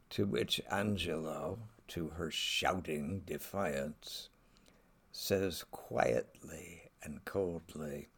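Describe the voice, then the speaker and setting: A man's voice: sits low, very slow, a bit bright, slightly rough. A man giving a conversational literature lecture, wry in tone and reading quoted lines aloud.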